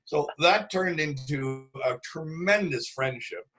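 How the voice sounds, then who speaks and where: Older man spinning animated stories. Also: on the high side, slow, rough recording. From Canada. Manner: lively storyteller who acts out quoted voices. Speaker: guest drummer. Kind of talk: casual interview storytelling.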